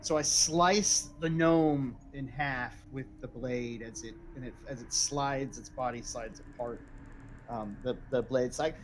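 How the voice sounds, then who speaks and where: A man's voice: medium pitch, unhurried. Young guy rolling dice and chatting, average voice, hissy mic. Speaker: player. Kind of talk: playing a tabletop game.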